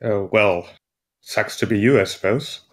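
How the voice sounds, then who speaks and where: Low-voiced man with wry in-character retorts. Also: unhurried, fairly bright tone. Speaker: player. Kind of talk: in-character tabletop role-play.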